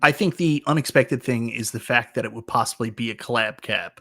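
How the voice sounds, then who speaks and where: A man with a Newfoundland accent co-hosts a casual stream chat. His voice sits at a middling pitch and stays steady as he lays things out calmly. The sound is dry and close. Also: brisk, husky, no echo. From Newfoundland, Canada. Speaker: podcast co-host.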